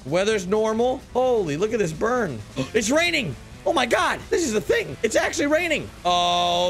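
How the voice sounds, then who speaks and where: A young man giving excitable gameplay commentary, calling out to his viewers and exclaiming at what he finds. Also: sits high, measured pace, faint music behind. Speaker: gaming YouTuber.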